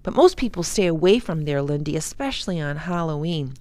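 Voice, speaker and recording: A woman's voice: sits low, expressive, a little fast, dark tone, no echo. A woman doing a sensible thirteen-year-old boy. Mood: earnest.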